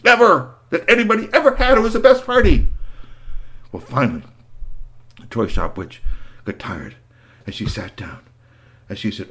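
A man telling an improvised story to a child, animated and playful, swinging from squeals to hushed tones. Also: a little high, moderate pace, pauses often, breathy edge.

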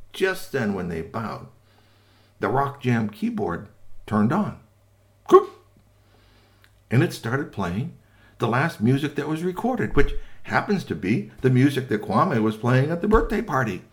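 Animated male storyteller. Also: medium pitch. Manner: animated, sing-song, with many asides to listeners. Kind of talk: children's story narration.

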